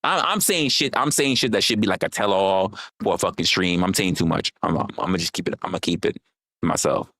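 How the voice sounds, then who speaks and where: An American man chats casually on his livestream, rambling animatedly, swearing freely and teasing his chat. His voice is low and fairly quick, in studio-quality sound with no room echo.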